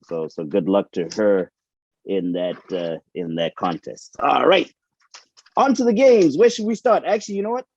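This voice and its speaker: A man co-hosting a football chat, talking casually and often restarting his words. His voice sits fairly low. The sound is dry and somewhat muffled and lo-fi. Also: normal speed, darkish tone, dry recording. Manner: hesitant, repeats words while thinking. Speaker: co-host.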